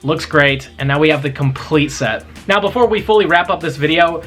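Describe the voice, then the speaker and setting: A young man vlogging his mobile game hunt in a chatty, excitable way, talking straight to his viewers. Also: on the high side, fairly quick, faint music behind. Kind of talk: casual gameplay vlog.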